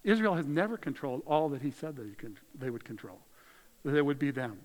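A man preaching a conversational, animated sermon as pastor, swinging between loud emphasis and quiet asides. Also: mid-range voice, fast, big-room sound, poor audio. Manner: animated, conversational preaching with dramatic shifts in volume.

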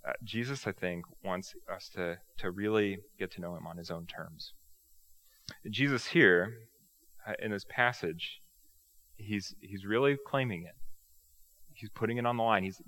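Low, bright-voiced male pastor. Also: measured pace, long pauses. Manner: conversational, self-deprecating, with rhetorical questions. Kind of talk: sermon.

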